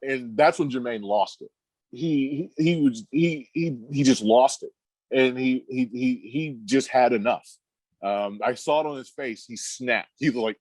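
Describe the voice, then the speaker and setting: A man in his thirties, a podcast guest and former pro basketball player, telling stories in a relaxed, halting way with frequent laughs. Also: medium pitch, no echo. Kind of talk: casual storytelling on a podcast.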